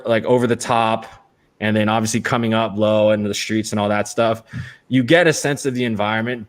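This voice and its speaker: Man telling a loose, filler-heavy anecdote on a talk show. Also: mid-range voice. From United States. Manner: rambling, storytelling with many fillers. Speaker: actor guest. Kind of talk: casual chat.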